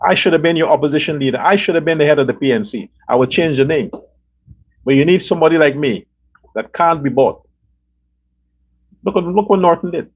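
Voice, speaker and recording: A man's voice: fairly high pitch, brisk, long pauses, husky, muffled recording. A man hosting a political commentary show, ranting in a heated, profane and repetitive way. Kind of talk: angry political rant.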